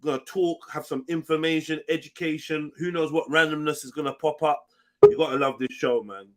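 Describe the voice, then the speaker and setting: A man's voice: fairly high pitch, steady tone, fairly quick, a little mellow. A man hosting a live online panel show, hyping the audience and teasing his guests in casual banter. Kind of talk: casual live-stream chat.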